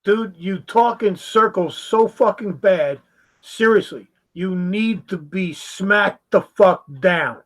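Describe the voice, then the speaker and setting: A man's voice: sits high, slow pace, a bit bright, low-quality recording. A man giving a heated, profane reaction commentary, mocking the video he is watching.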